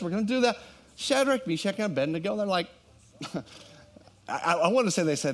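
A man preaching a sermon, telling a scripture story in a lively way, with humorous asides and frequent restarts. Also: high-pitched, brisk. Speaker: pastor.

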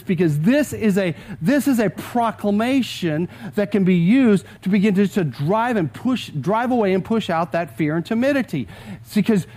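High-voiced pastor urging his congregation. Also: darkish tone. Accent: Texan. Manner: urges the congregation to repeat scripture aloud. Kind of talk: sermon.

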